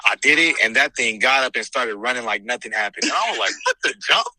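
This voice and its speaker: A young man from California shares his faith journey in an earnest, animated voice that slips into preacher-like emphasis. His tone is bright and forceful, and the recording is dry and close. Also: mid-range voice, fast, no room sound, low-quality recording. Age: young adult. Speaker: guest, host's son. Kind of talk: casual faith conversation.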